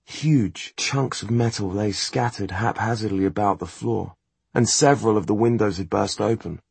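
A man narrating a novel as an audiobook in a steady, measured reading. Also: on the low side, gravelly, breathy edge, dry recording. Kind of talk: scripted narration.

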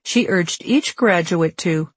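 A woman reads a memoir aloud in a studio, her voice a touch husky and sitting on the low side. Her delivery is measured and wry, and the room around her sounds dry and close. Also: no echo. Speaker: audiobook narrator. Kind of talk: scripted memoir narration. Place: recording studio. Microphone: studio microphone.

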